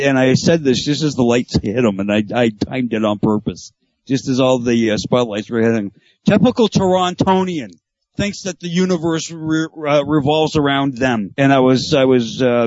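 A man's voice: mid-range voice, fairly quick, a little mellow, no room sound, lo-fi sound. A man from Western Canada co-hosting a casual wrestling chat, sarcastic and joking. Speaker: podcast co-host.

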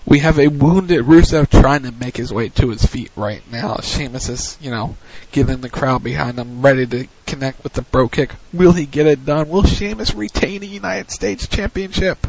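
A man's voice: medium pitch, a little mellow. A man hosting a wrestling recap, retelling the action play-by-play in a casual way. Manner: recounts events in a hurried play-by-play, with frequent restarts. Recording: dull lo-fi audio.

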